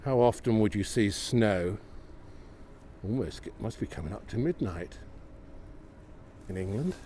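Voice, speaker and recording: Man, lowish voice, enthusiastic live-stream walker, phone mic outdoors with faint street ambience. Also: unhurried, a little hiss or hum. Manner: exclamatory, gently enthusiastic, often asks viewers questions. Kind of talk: chatty live walk narration to viewers. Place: outdoors on a snowy, windy city street at night. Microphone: iPhone on a gimbal.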